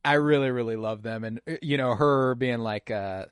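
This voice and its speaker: A man's voice: mid-range voice, normal speed, clean tone, no room sound, clean studio sound. A man co-hosting a casual podcast, rambling with lots of fillers and acting out quotes. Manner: rambling, full of "like" and "uh", acts out quotes. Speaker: podcast co-host.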